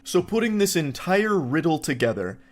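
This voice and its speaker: A man's voice: fairly high pitch, big pitch swings, normal speed. A man hosting a comedic commentary video, reading forum posts aloud and riffing on them in a sarcastic, incredulous way with plenty of filler words.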